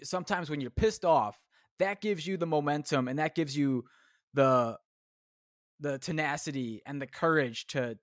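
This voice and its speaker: A man's voice: on the high side, no room sound, studio quality. A man hosting a solo podcast, ranting casually, swearing constantly and rambling off on tangents. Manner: rambling, self-interrupting. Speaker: podcast host.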